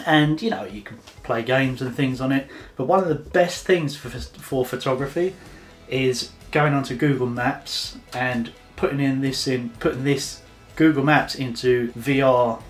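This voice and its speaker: A chatty man walks through a casual tutorial, loose and unscripted, pausing on fillers as he goes. His pitch sits in an ordinary middle range. Soft music runs faintly behind him. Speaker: photography vlogger.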